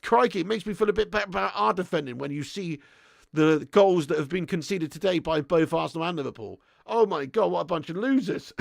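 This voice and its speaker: A man's voice: on the high side, vocal fry, no echo, clean studio sound. A young man hosting a live football watch-along, bantering with his chat, swearing and laughing often.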